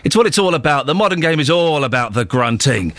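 Male radio host, playful banter, lively pitch, dry studio sound. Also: fairly quick, no room sound. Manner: jokey, teasing, lively banter. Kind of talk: casual radio chat. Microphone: studio microphone.

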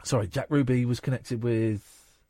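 A man in his forties hosting a late-night phone-in, talking casually with halting restarts. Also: mid-range voice, fairly even intonation, warm tone, no echo. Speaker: radio phone-in host. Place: radio studio. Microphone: studio mic.

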